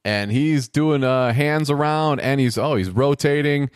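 A man's voice: medium pitch, unhurried, clear, resonant tone, no echo, studio quality. A man giving casual play-by-play commentary on a game show, rambling with sarcastic, wisecracking asides.

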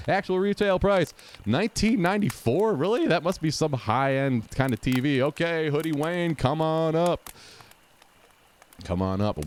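A man's voice: sits low, a little mellow, slight background noise. A man giving sarcastic, mocking play-by-play of a game show rerun, talking back at the screen. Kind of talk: casual sarcastic play-by-play commentary.

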